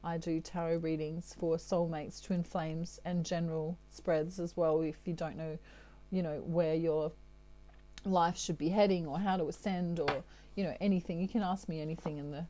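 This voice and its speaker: An Australian woman talks through a tarot reading for her listeners. Her voice sits on the low side and sounds soft and mellow. She keeps it chatty and drops in "okay" often as she moves between messages. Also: fairly even intonation, normal speed, a little hiss or hum. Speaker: tarot reader. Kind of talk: channeled tarot reading monologue.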